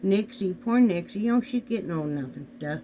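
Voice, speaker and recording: A man's voice: sits high, expressive, fairly quick, warm tone, a little hiss or hum, low-quality recording. A man chatting casually to his viewers from a home bedroom, rambling and talking straight to the camera. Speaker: vlog host. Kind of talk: casual chat. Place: home bedroom, sitting on the bed. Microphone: camera on a desk.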